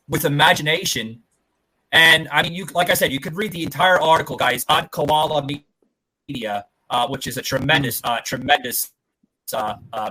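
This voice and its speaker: Rambling male podcast host, bright voice. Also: fairly high pitch, breathy edge, low-quality recording. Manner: rambling, many fillers and profanity. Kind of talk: casual podcast chat.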